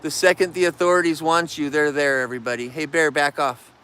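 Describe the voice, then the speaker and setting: A man's voice: on the high side, fairly even intonation, fairly quick, bright, forceful tone, smooth. A man live-streaming outdoors near bears, ranting about rude viewers and scolding the animals in a rambling chat.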